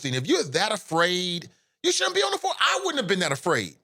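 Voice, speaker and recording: Animated, lively-pitched male commentary host. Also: fairly quick. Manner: emphatic, impassioned, blunt and profane. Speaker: live show host. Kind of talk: opinionated live commentary.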